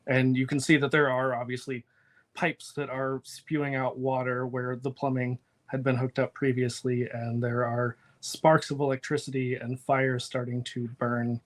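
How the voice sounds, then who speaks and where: A game master narrating a superhero tabletop game, laughing often and pausing with fillers while describing scenes. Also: medium pitch, level tone.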